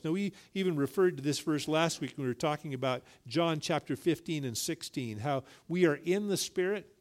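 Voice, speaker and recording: A man's voice: on the high side, animated, brisk. A middle-aged male pastor preaching a sermon, telling a folksy story and rising emphatically on key points.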